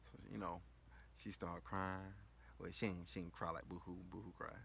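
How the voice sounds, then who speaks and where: Gravelly, low-voiced man rambling casually. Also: little pitch movement, moderate pace, fairly bright tone. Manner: rambling, slangy, heavy on filler phrases. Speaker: vlogger. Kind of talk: casual storytelling.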